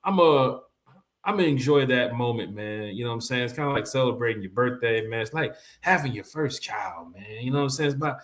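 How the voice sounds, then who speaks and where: A man as a guest on a fan talk show, talking in a casual, animated way with lots of slang. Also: medium pitch, brisk. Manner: animated, colloquial, says "you know what I'm saying".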